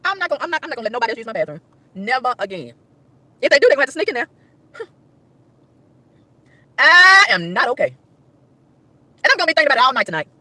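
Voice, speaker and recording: A woman ranting to her livestream chat, emphatic and exasperated, with loud whoops. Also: sits high, big pitch swings, rapid-fire, hardly any pauses, dry recording. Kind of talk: casual livestream rant.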